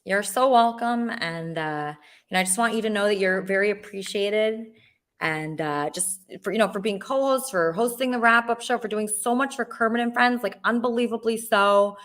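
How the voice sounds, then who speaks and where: A woman's voice: medium pitch, moderate pace, fairly bright tone. A woman hosting a casual livestream, talking in a rambling way with many fillers. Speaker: host.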